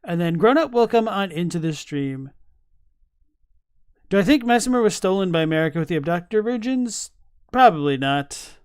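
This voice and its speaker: A man's voice: high voice, lively intonation, moderate pace, clean tone, no room sound, clean studio sound. A man casually chatting on a live stream, thinking aloud with many fillers and restarts while reading chat messages. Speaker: streamer reacting to game lore.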